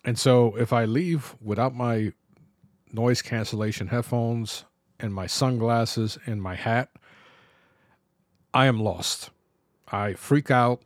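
A middle-aged man from New York hosts his own podcast in a slow, unhurried monologue. His voice sits fairly low and the sound is close and dry, with no room around it. He speaks reflectively, pausing and restarting his sentences. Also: no echo. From New York, Bronx. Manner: halting, reflective, with pauses and restarts. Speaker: podcast host.

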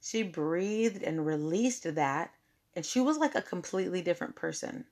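A woman telling a personal story in a chatty, expressive way, often saying "like," calm and measured when she quotes herself. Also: fairly low pitch.

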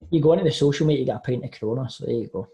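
A man's voice: medium pitch, very fast, warm tone. A Scottish man chatting casually as a podcast guest over a video call, laid-back and full of "mate". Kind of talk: casual chat.

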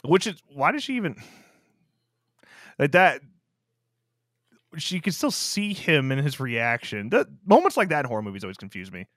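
A man's voice: on the high side, sing-song, normal speed, pauses often, a bit bright, dry recording, clean studio sound. A man co-hosting a casual film review podcast, talking loosely and swearing freely. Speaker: podcast co-host.

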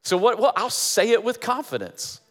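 A man's voice: high-pitched, very animated, moderate pace, long reverb tail. A man preaching as pastor, emphatic and repeating phrases for effect. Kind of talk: sermon.

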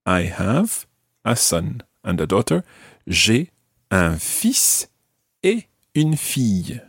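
A man with a very low voice leads a podcast language lesson, his pitch rising and falling in a lively way. He models each word patiently and slowly so the learner can repeat it. The studio sound is dry and close. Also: breathy edge, no echo. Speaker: language teacher.

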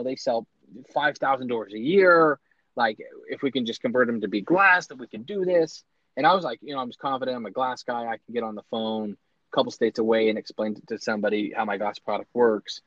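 A man, a small business owner, telling his story in casual, animated talk with lots of fillers and restarts. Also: mid-range voice, dry recording. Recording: dry, slightly dull lo-fi sound.

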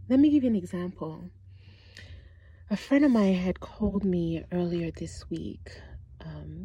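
A woman's voice: medium pitch, dark tone, husky, dry recording. A woman hosting a podcast, talking in a casual, reflective monologue and often asking the listener direct questions. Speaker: podcast host. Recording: dull lo-fi recording.

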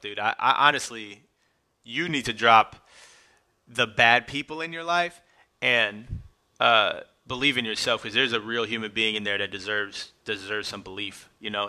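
Man with a bright, emotional podcast voice. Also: on the low side. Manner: emotional, casual, addresses loved ones directly. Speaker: podcast host. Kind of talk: heartfelt podcast monologue.

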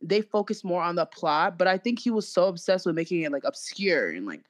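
A woman's voice: on the low side, lively intonation, brisk. A young woman, chatting casually and ranting with mocking, profane humor and quoted asides. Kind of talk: casual chat.

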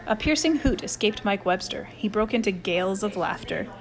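A woman reading a children's novel aloud in an even storytelling manner. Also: medium pitch, moderate pace, gravelly, crowd noise. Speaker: audiobook reader. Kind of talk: scripted narration.

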